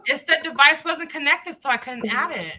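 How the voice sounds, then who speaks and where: A woman hosting a casual online chat, expressive and quick to exclaim. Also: high-pitched.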